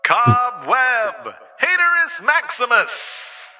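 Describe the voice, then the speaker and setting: A showy male carnival barker, as a podcaster puts him on, squeaking his calls way up high. He stretches each word slowly, and his voice rings bright and piercing. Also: very animated, faint music behind, full character voice. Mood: mocking, showy. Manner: loud drawn-out hawking calls.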